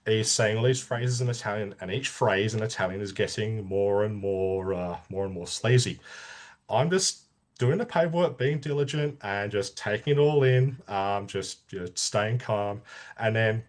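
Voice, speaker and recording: Low-voiced Australian man, halting storyteller. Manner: halting, many restarts, laughs while telling stories. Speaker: guest, army veteran. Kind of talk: casual storytelling interview.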